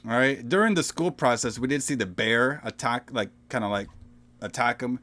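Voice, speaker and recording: A man in casual podcast chat, recapping a movie in a loose, profane, rambling way. His voice sits at an ordinary middle pitch, and he keeps checking in with "all right?" and "bro". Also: normal speed, bright, forceful tone. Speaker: podcast co-host.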